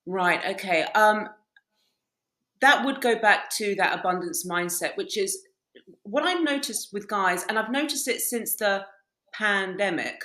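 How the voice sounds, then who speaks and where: A dating coach appearing as a guest on a casual podcast tells blunt stories, swearing freely and laughing often. Her medium-pitched voice is a bit bright and measured in pace, with a roomy sound.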